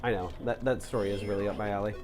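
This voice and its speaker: A man's voice: lowish voice, steady tone, racing. Rambling, profane young man. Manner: rambling, profane, heavy use of "like". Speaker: let's play co-host. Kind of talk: casual gameplay chat.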